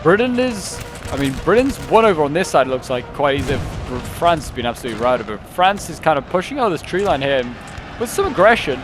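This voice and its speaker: A man casually commentating a strategy-game battle, chatty and excitable with lots of fillers. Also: fairly high pitch, fairly quick, music in the background. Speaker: gameplay commentator. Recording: loud gunfire and artillery from the game. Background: battle sounds, cannon and musket fire.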